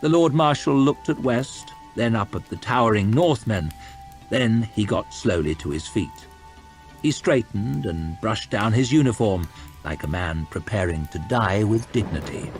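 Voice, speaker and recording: A man reading a novel aloud as storytime narration, expressive with soft low asides. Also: measured pace, faint music behind. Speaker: audiobook reader. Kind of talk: storytime narration over gameplay.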